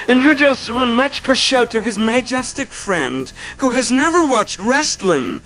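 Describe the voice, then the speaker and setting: Very high gushing robot announcer voice from a man, lively swoops, bright, faint music behind. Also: heavily acted, low-quality recording. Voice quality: theatrical, gushing. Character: flamboyant male robot show announcer. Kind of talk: scripted show intro.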